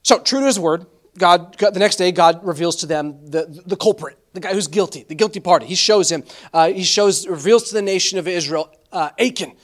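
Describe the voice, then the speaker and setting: A man preaching to his congregation in a fairly high voice. He tells stories and acts out the voices of the people he quotes. He restarts his sentences often as he goes. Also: a little fast. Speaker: pastor. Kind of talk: sermon.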